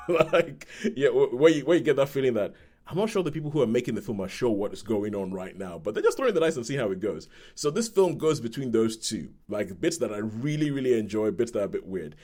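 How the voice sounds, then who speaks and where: A man co-hosting a podcast, his voice sitting at an average pitch. He rambles through a film review in a loose, casual way. He restarts his sentences often and acts out quotes from the film. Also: sing-song, brisk, mellow. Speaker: podcast co-host.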